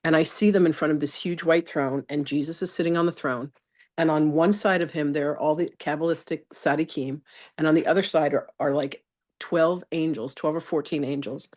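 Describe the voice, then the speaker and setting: A middle-aged woman teaching a live spiritual masterclass, telling a personal story in a chatty, animated way and calling on students by name. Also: low-pitched, fairly quick.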